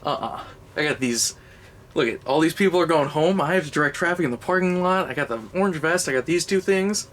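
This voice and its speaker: A man's voice: on the high side, a little fast, fairly bright tone, a little hiss or hum, close to an everyday voice. A man voicing an eager, stubborn male parking lot worker who talks in an insistent, proud, rambling way.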